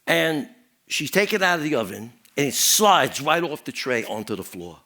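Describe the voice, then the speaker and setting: A man's voice: fairly high pitch, moderate pace, full character voice. Man playing a rambling paranoid pun-cracking guy. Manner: rambling, jumps between topics, deadpan puns. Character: rambling, paranoid married man chatting up a worker. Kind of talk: stand-up character monologue.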